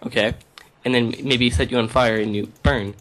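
A man's voice: mid-range voice, steady tone, moderate pace, a bit bright. A young man co-hosting a casual gameplay chat, laid-back and teasing his friend. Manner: laid-back, teasing, says "dude" often. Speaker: gaming channel co-host.

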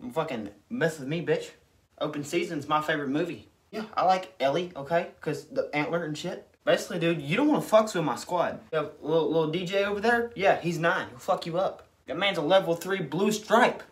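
In a fairly high voice and at a slightly fast clip, a male comedy commentator delivers a brash, sarcastic, profane rant.

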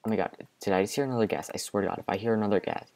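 A young man giving casual let's-play commentary from his bedroom, excitable, with panicky outbursts and repeated exclamations. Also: fairly low pitch, very fast, creaky. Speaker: gaming video creator. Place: home bedroom.

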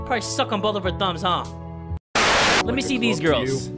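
Brash, high-pitched male let's-player, loud mocking commentary, game music underneath. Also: sing-song, normal speed, pauses often. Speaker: gameplay commentator. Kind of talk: crude comedic let's-play commentary.

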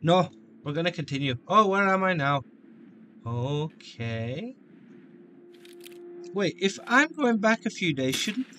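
A man's voice: a little high, very animated, slow pace, long pauses, sharp tone, a little hiss or hum. A man giving joking let's-play commentary, full of crude banter. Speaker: gaming video host.

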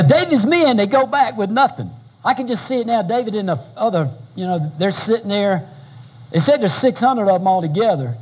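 A male pastor preaches in a folksy, animated storytelling manner. His voice is fairly high for a man and husky. He banters with his listeners as he goes. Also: rough recording. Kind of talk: sermon.

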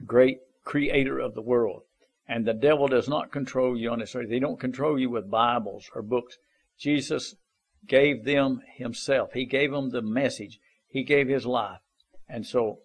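A man preaching an informal sermon, earnest and exhorting, repeating his points in folksy, plain grammar. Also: mid-range voice.

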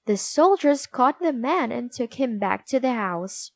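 A woman reads a children's storybook aloud, slow and expressive. Her voice is fairly high, with plenty of movement in pitch. The recording is close and dry. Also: no room sound. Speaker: narrator.

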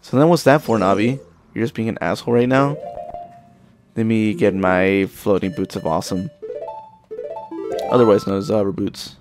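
Young adult man, lowish voice, casual gameplay commentary, cussing and yelping, game music behind. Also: moderate pace, pauses often. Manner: profane, excitable running commentary with sudden exclamations. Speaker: let's play gamer.

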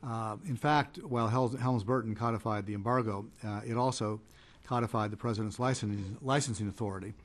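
Speaking on a conference panel, this trade policy advocate is a man whose delivery is measured yet hesitant, packed with fillers and restarts, in a fairly low pitch.

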